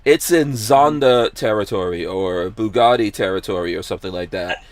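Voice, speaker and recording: A man's voice: lowish voice, normal speed. A man hosting a podcast, chatting casually, laughing often and reading viewer comments aloud. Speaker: podcast host. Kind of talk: casual chat.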